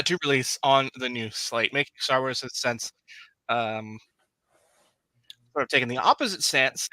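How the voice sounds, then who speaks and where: A man's voice: medium pitch, pushed and bright, dry recording. A man hosting a podcast, chatting casually and reading channel promos with upbeat asides. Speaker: podcast host.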